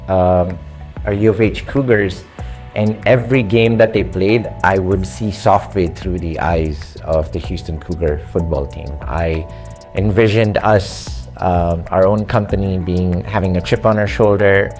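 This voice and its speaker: A man with an accent telling his story to a coach in an earnest, halting conversational way, with frequent fillers. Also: deep voice, steady tone, a little mellow, soft background music. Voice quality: speaks with an accent. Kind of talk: casual conversation.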